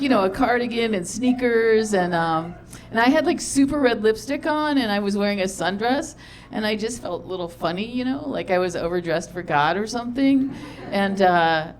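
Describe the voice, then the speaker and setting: A middle-aged woman on a comedy stage, rambling through a personal story with lots of "um"s and quoted back-and-forth. Her voice sits at an ordinary pitch for a woman, and a faint hum of the room hangs behind her. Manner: chatty, self-deprecating, many fillers and quoted dialogue. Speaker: stand-up comedian. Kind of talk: storytelling stand-up set.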